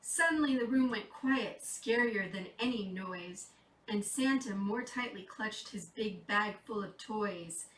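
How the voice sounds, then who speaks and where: A woman's voice: mid-range voice, a little slow, a bit bright, recorded from a distance, a little hiss or hum. A woman reading a rhyming Christmas storybook aloud in a playful, sing-song rhythm. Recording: echoey room, off mic.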